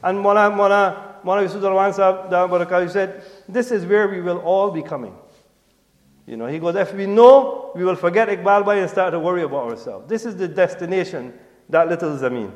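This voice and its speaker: A man's voice: a little fast, muffled recording. A middle-aged man preaching to a mosque congregation in an earnest, exhorting way. He quotes Arabic, translates it, and keeps asking his listeners whether they understand. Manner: code-switches, often asks "you understand?", quotes Arabic and translates it; earnest, exhorting, voice falls low at the end of points. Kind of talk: sermon. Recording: long reverb of a large hall.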